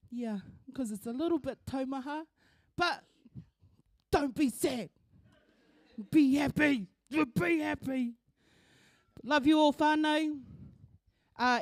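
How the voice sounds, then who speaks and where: A woman's voice: a little high, no room sound, clean studio sound. A middle-aged woman with a New Zealand accent gives an emotional eulogy in a church. She tells family stories and mixes Māori words into her talk. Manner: warm, laughing through tears, mixes in Māori words. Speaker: eulogy speaker, daughter of the deceased. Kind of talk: emotional storytelling at a funeral service.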